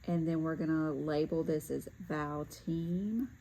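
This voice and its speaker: A woman teaching a lesson, talking through each step calmly as she works, with occasional fillers and self-corrections. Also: low voice, measured pace, low-quality recording. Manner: talks to herself while working through steps, with fillers. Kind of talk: step-by-step classroom demonstration.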